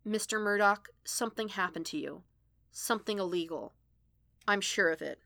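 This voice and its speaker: A woman voicing a brisk female scientist who speaks in firm, clipped, matter-of-fact sentences. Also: mid-range voice, vocal fry, a bit bright, dry recording, clean studio sound.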